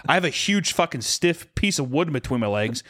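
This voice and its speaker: A man's voice: a little high, big pitch swings, normal speed, fairly bright tone, no room sound, studio quality. A man co-hosting a casual podcast who is drunk, telling crude stories in a rambling way. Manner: crude, rambling storyteller who acts out characters. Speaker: podcast co-host. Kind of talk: casual chat.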